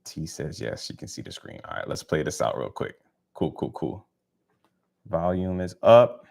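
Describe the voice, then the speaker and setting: A man's voice: very deep voice, very animated, normal speed, vocal fry, a little mellow. A man hosting a casual live stream, talking in a laid-back, slangy, encouraging way and laughing often. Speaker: live stream host, spiritual healer.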